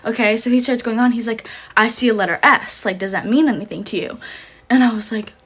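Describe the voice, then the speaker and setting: A woman's voice: on the high side, a little fast, a bit bright, breathy edge. A young woman telling a story in a casual vlog, chatty and full of "like". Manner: chatty, fills every phrase with "like".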